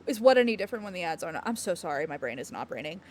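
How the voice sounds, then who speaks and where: A woman's voice: fairly low pitch, sing-song, very fast, a little hiss or hum. A woman streaming from home in casual live-stream chat, giggly and rambling as she talks to her chat.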